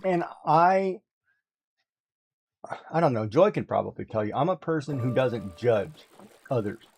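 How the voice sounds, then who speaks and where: A man chatting casually on a livestream, telling animated stories, laughing often and mimicking others. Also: mid-range voice, unhurried, gravelly, breathy edge. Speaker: guest on a craft livestream. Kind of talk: casual chat.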